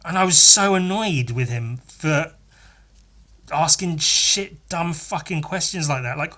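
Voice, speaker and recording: A man's voice: on the high side, animated, measured pace, bright, forceful tone. A man hosting a podcast in a casual, profane, rambling rant, exasperated and often laughing. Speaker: podcast host. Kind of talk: casual ranting monologue.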